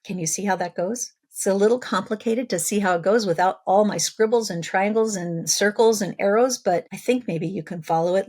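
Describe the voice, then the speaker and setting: A woman hosting a podcast as a family therapist, calmly explaining ideas and walking through examples step by step. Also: mid-range voice, gravelly. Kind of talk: podcast teaching talk.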